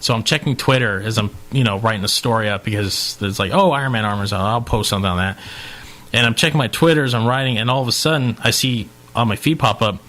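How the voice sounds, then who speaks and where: A man co-hosting a podcast in casual chat, telling a long anecdote with lively acted-out quotes and some swearing. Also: lowish voice, fast talker. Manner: animated storyteller, acts out quotes, swears. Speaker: podcast co-host.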